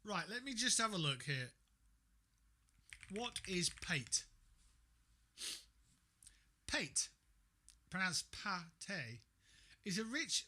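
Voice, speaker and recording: A man's voice: high voice, pushed and bright. A man chatting casually on a gaming livestream, sarcastic and swearing a lot, talking to himself as he reads things out. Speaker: streamer.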